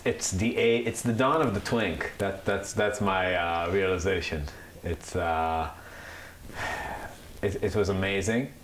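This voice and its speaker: Casual podcast co-host, lowish voice, rambling talk, echoey room with a faint hiss. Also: male voice. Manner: rambling, animated, mocks Italian accents. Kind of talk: casual chat.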